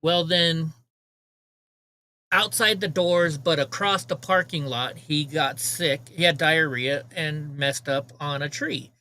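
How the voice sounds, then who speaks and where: A man's voice: fairly high pitch, takes it slowly, bright, forceful tone, low-quality recording. A man hosting a livestream, telling a long story in casual chat, rambling and repeating words as he acts out what others said. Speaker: livestream host.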